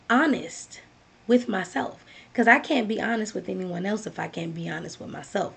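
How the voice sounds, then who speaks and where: A woman's voice: mid-range voice, normal speed, creaky, breathy edge. A woman giving a motivational talk, earnest and direct, repeating key phrases as she speaks to the listener.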